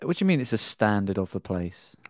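Brief: man, comedy podcast co-host, relaxed banter, fairly low voice. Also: brisk, no echo, studio quality. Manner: easygoing, says mate a lot. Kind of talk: casual comedy podcast chat.

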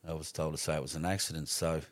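A man's voice: rumbling low, fairly even intonation, rapid-fire, no room sound. A middle-aged Australian man telling stories on a podcast as a guest, swearing freely and rambling with restarts. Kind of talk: casual storytelling.

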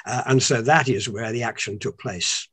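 A British man explaining history in a relaxed conversational way at home, with many uhs and restarts. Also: mid-range voice, normal speed, breathy edge, no echo. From Britain. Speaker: historian guest. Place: home lounge.

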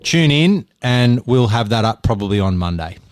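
A man's voice: mid-range voice, sing-song, moderate pace. A man hosting a podcast with dry, wry humor. He keeps the casual chat moving between segments. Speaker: podcast host.

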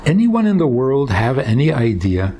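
A man's voice: medium pitch, very animated, moderate pace, mellow, slight background noise. A man speaking as a rabbi, giving a teaching talk in a conversational, wry way with stories woven in.

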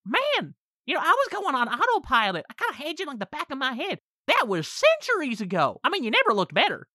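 A woman's voice: high voice, huge pitch swings, fast talker, bright, forceful tone, no echo, studio quality, voice pushed up, exaggerated voice. A woman voicing a centuries-old male shapeshifting trickster who talks in a chirpy, teasing way. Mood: gleeful teasing. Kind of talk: tabletop role-play character voice.

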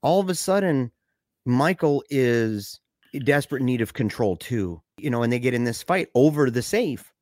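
Talking casually about a film as a podcast co-host, the man is animated: excitement sends his pitch up, while somber stories bring it low and quiet. He stammers and restarts a lot, captured in a dry, studio-quality recording.

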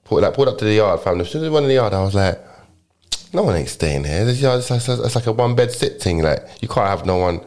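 A man's voice: on the low side, lively intonation, rapid-fire, hardly any pauses, a little mellow. A young man with a London accent tells a story in loose, casual chat. He leans on slang and keeps restarting his sentences. The delivery is rambling and unpolished.

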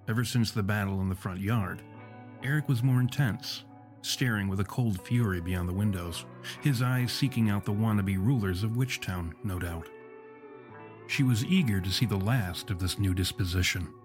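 Male audiobook narrator, low voice, calm measured storytelling. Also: faint music behind. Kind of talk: scripted narration.

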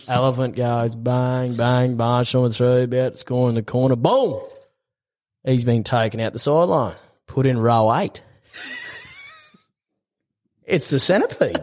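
A man's voice: medium pitch, a little mellow. A man in his twenties with an Australian accent, a podcast guest chatting casually and telling a long joke while laughing. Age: 20s. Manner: laid-back, laughs while telling jokes.

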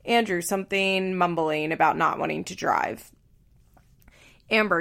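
A woman hosting a podcast, chatting casually and reading a transcript aloud in a flat, even way. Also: on the low side, normal speed, gravelly. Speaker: podcast host.

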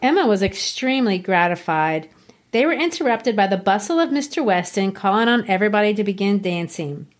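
A woman hosting a book discussion podcast at an ordinary middle pitch. She recaps and narrates with enthusiasm, like a storyteller. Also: expressive, fairly quick. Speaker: podcast host.

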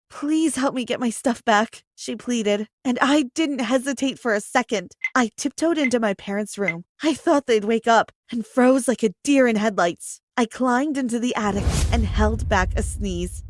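A woman's voice: fairly high pitch, dry recording, clean studio sound. A young woman telling a first-person story as scripted narration, earnest and emotional. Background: faint background music.

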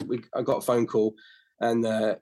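A man in his fifties or sixties, sitting in as a podcast guest. He tells rambling anecdotes in a casual, conversational way, often stopping to restart a sentence. His voice sits at an ordinary middle pitch for a man. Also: little pitch movement, moderate pace, darkish tone. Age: 50s to 60s. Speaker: podcast guest, flooring business owner. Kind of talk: casual interview storytelling.

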